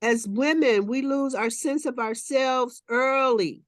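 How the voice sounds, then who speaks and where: A woman hosting with a voice a little above the middle in pitch. She moves from measured, reflective reading into easy, animated talk. The sound is dry and close-miked. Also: no room sound. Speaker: host. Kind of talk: reading a passage, then casual group chat.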